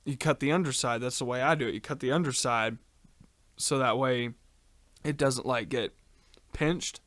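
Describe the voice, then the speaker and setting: A man's voice: medium pitch, normal speed, fairly bright tone, no room sound. A man co-hosting a casual podcast, telling a long story with lots of ums and uhs and casual swearing. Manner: rambling, many ums and uhs, swears freely. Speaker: podcast co-host.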